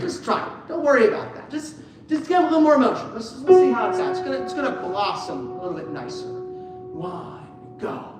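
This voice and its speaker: A man's voice: very high-pitched, lively intonation, brisk. A man working as a choir director, coaching singers in rehearsal in an upbeat, encouraging way and singing lines to show them. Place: large echoey rehearsal room. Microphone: distant room mic. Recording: echoey room from far off, with piano. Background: piano and choir.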